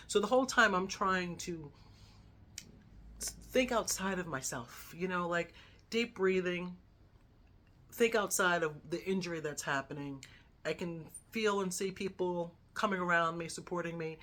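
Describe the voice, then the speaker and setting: Chatty woman in her fifties, lowish voice. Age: 50s. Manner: chatty, animated retelling, often adds "right?". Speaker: lifestyle vlogger. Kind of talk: personal storytelling.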